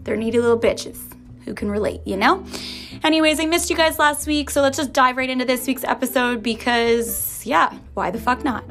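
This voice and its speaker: A young woman talks through her own podcast in a loose, rambling way. She swears freely and leans on fillers. A slight lisp softens her speech. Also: sits high, moderate pace, over music. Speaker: podcast host. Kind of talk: casual solo podcast chat.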